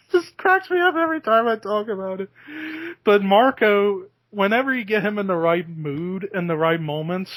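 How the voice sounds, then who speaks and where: A man's voice: high-pitched, big pitch swings, measured pace, a bit bright, dry recording. A man hosting a podcast in casual chat, talking easily and breaking into laughter. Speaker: podcast host.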